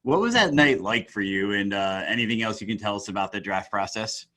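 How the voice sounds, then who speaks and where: A man co-hosting a podcast who asks questions eagerly, with a slightly rough morning voice. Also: fairly low pitch, animated, bright, forceful tone. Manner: eager, quick questioning with restarts. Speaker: podcast co-host. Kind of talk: casual podcast interviewing.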